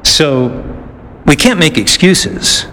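Slow, earnest male preacher in an echoey hall. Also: on the high side, big pitch swings, sharp tone. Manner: earnest, with frequent "uh" pauses and restarts. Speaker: pastor. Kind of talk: sermon. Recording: echoey hall, faint noise.

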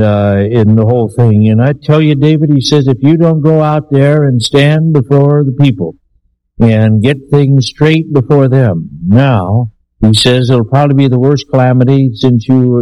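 Folksy low-voiced preacher telling stories. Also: male voice, no room sound, muffled recording. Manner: folksy storytelling, many uh fillers, voices characters. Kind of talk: sermon.

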